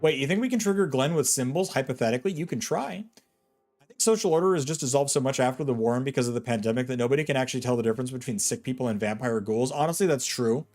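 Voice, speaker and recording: A man's voice: mid-range voice, quick pace, a little mellow, soft background music. A man casually commentating a game he is playing, jokey and playful with puns. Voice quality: jokey, playful, given to puns and silly voices. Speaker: gaming streamer. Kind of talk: casual let's-play commentary.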